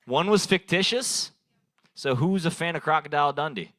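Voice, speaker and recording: Animated man riffing through stand-up crowd work. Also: on the high side, normal speed, dry recording. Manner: rambling, riffs on audience suggestions, laughs at own jokes. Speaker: stand-up comedian at an open mic. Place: bar stage at an open mic night.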